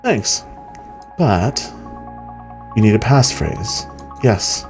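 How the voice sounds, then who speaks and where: Dude reading as young woman cabbie, loyal but fed up, low plain voice. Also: very animated, extremely slow, gravelly, music in the background, heavily acted. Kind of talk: reading game dialogue aloud.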